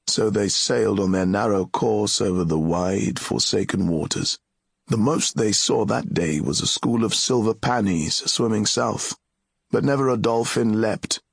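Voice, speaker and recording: A man narrates a fantasy tale in a measured, solemn way. His deep voice has a gravelly, husky texture and moves slowly. The close recording is dry and free of room sound. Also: no room sound. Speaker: audiobook narrator.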